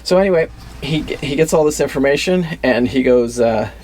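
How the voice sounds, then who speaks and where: A man's voice: medium pitch, animated, normal speed, a little mellow, slight background noise. A man telling a story in a casual vlog, rambling, with many fillers and restarts. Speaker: vlogger.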